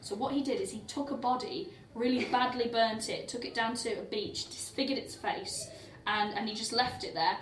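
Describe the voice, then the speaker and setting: A woman's voice: fairly high pitch, moderate pace, few pauses, a bit bright, a little hiss or hum. A woman comedian co-hosting a live show, telling a crime story with a lot of swearing and laughter, acting out the quotes. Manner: laughing often, profane, acts out quotes. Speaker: comedian co-host. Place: windowless venue at a festival, live audience. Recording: roomy live venue from a distant mic.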